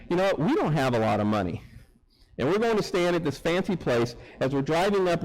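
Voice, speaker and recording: A man preaching a sermon, telling a story in an animated way and acting out the people in it. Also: on the high side, rough recording. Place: church sanctuary.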